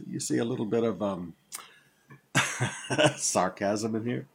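A man's voice: medium pitch, measured pace, long pauses, slightly rough. An older man preaching a sermon, teaching through a Bible passage in a conversational way, with asides and repeated phrases. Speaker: pastor.

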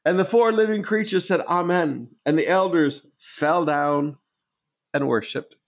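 A man preaching a sermon, emphatic and repetitive, dropping from loud declarations to hushed tones and chuckling between points. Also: fairly high pitch, unhurried. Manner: emphatic, repeats words for effect, swings between loud and hushed.

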